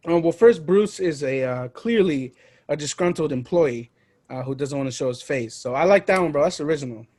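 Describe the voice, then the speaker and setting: A man's voice: fairly high pitch, expressive, moderate pace, a little mellow. A man hosting a casual podcast, goofy and hyped, joking around with a put-on accent. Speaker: podcast host.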